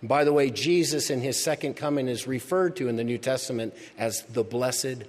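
A man preaching a sermon as pastor. He is emphatic, repeats key phrases and builds to loud peaks. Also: mid-range voice, moderate pace. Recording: long reverb of a large hall.

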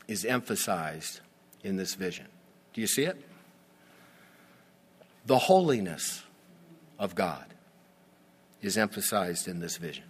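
A man preaching a sermon, slow and emphatic, with dramatic pauses and sudden swells in volume. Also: lowish voice, a bit bright, breathy edge. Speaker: pastor.

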